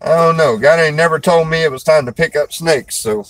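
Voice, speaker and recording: A man's voice: fairly high pitch, fairly quick, a bit bright, low-quality recording. A man, a preacher and show host, chatting casually in a folksy, rambling way and laughing often. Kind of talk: casual chat.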